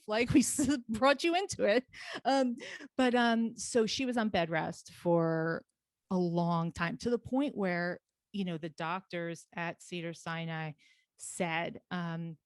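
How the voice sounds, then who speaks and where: Dry, lively woman guest storyteller. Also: fairly low pitch, no echo. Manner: animated, rapid, laughing storyteller. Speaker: podcast guest. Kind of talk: casual interview storytelling.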